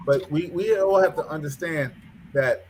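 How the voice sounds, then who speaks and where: A man's voice: on the high side, normal speed, darkish tone, a little hiss or hum. Man stammering in to interject. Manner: keeps interjecting, stammers repeated words. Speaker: podcast co-host. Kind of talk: talk-show debate.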